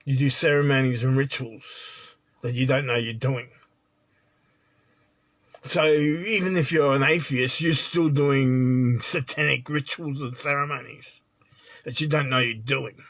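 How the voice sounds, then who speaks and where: A man's voice: medium pitch, steady tone, a little slow, fairly bright tone. A man giving a spiritual monologue as a teacher, blunt and lecturing, often checking in with "right?".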